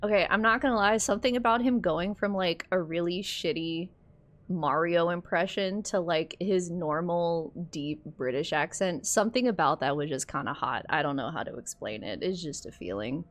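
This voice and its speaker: A woman's voice: on the low side, moderate pace. A woman streaming a game, reacting with laughter and swearing as she talks to chat. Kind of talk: casual game commentary.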